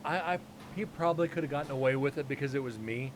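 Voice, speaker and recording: Guy on a live stream telling a story, middle pitch, chatty, plays out the back and forth. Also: quick pace, slight background noise. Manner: chatty, acts out both sides of dialogue. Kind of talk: casual anecdote telling.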